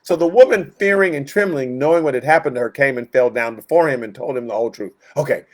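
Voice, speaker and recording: Speaking fast in a mid-range voice, a man leads a Bible study conversationally. He uses lots of fillers and gives voices to the people in the stories he retells.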